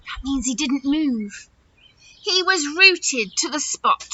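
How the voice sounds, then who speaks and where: A woman teacher reading a picture book aloud to children, expressive and asking them questions as she goes. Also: high voice, slow pace, no echo, muffled recording. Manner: expressive, warm-toned questioning of young listeners.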